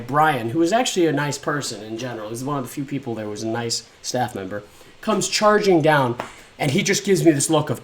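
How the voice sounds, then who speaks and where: A man's voice: medium pitch, lively intonation, brisk, a little hiss or hum. Young guy talking through his life story, rambly, swears a lot, acts out the quotes. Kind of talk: casual personal storytelling.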